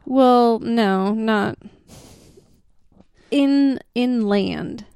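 A woman's voice: fairly high pitch, drawn-out words, creaky, a little mellow, clean tone, no echo, clean studio sound. A woman co-hosting a casual podcast, telling a story with lots of fillers and easy laughs. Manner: chatty storyteller, many fillers, laughs easily. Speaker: podcast co-host. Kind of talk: casual chat.

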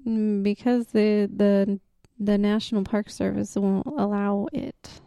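Gravelly, mellow-voiced woman chatting casually. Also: mid-range voice, fairly even intonation, takes it slowly, no echo, clean studio sound. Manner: chatty storyteller, many fillers, laughs easily. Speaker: podcast co-host. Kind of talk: casual chat.

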